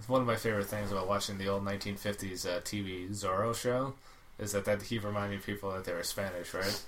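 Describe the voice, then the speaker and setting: A man chatting casually on a podcast, sardonic, with dark humor. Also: fairly low pitch, steady tone, fast talker, slight background noise.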